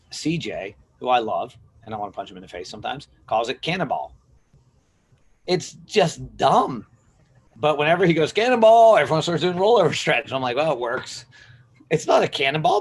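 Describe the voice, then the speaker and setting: A middle-aged man from the US, who manages a gym and coaches strength, talks casually in a podcast interview. He tells stories with energy and acts out quotes in a raised voice. His mid-range voice is slightly rough, and the recording is low quality.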